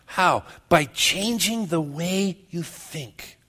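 A pastor delivers his sermon conversationally, asking the congregation questions and joking with them. His medium-pitched voice is fairly bright, moving at normal speed with hardly any pauses.

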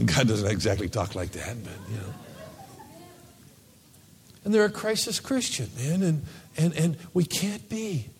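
A man's voice: a little high, sing-song, unhurried, long pauses. A man preaching a sermon to his church in a conversational style, sometimes acting out the voices of people praying. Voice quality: gravelly. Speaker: pastor.

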